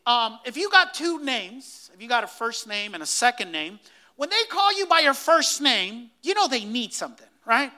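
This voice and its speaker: Animated, bright-voiced preaching man. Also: very high voice, normal speed. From Hispanic household in the US. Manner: emphatic, repeats key phrases and quizzes the congregation. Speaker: pastor. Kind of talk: sermon.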